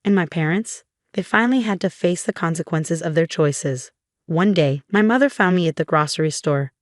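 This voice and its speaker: A woman reading a scripted first-person story in an even, measured way. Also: on the low side, no room sound, studio quality.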